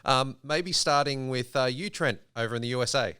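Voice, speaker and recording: Man, Australian accent, podcast host, upbeat, laughs easily, mid pitch. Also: moderate pace, sharp tone, clean tone. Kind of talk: casual podcast interview.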